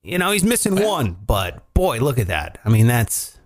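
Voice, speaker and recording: A man hosting a comedy podcast, telling odd news stories in a joking, animated way and often laughing. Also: mid-range voice, normal speed. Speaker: podcast host. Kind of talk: casual comedic news chat.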